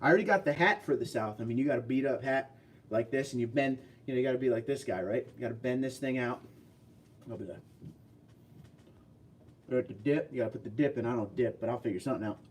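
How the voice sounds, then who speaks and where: A man's voice: medium pitch, racing, slightly rough, far from the mic. Chatty man hosting a livestream. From California. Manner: rambling, chatty, answers chat questions. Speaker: livestream host. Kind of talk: casual livestream chat reading viewer comments.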